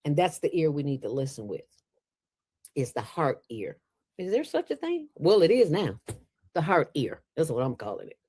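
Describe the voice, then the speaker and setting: A woman as an interview guest, talking in a playful, preachy way with sudden jumps in pitch. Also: sing-song, moderate pace, mellow, slightly rough, dry recording. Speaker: interview guest, nonprofit founder. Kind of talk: casual interview talk.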